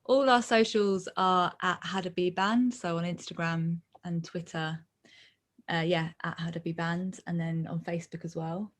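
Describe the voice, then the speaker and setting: A woman's voice: fairly low pitch, fairly even intonation, normal speed. A woman, a band member, chatting easily on a video call, hesitant, with lots of ums. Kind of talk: casual interview chat.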